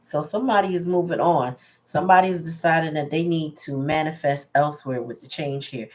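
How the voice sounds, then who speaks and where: A woman's voice: low-pitched, a little fast, rough recording. A woman giving a casual live tarot reading, musing aloud and greeting her viewers. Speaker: tarot reader.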